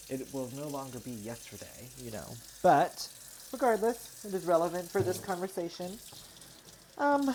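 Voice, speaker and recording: A woman in her twenties talks casually into her own microphone as she cleans up her kitchen. Her voice sits low, and she rambles along with plenty of filler words. Faint running water and kitchen sounds murmur in the background. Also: a little mellow, slight background noise, poor audio. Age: 20s. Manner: rambling, chatty, many "like" and "you know" fillers. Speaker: vlogger. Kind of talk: casual chat while doing chores. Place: home kitchen. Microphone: own microphone near the sink.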